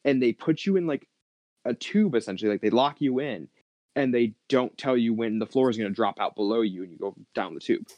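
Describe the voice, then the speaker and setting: Animated man chatting, lively pitch. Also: fairly quick, no echo, lo-fi sound. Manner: animated, reactive storyteller. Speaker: podcast guest. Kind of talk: casual chat.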